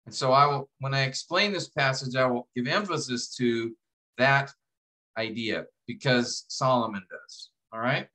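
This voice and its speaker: A man lecturing to a class, walking students through an assignment step by step, restarting phrases and slowing down to read verses aloud. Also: mid-range voice, pushed and bright, poor audio. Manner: explanatory, repeats and restarts phrases, reads verses slowly. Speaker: instructor.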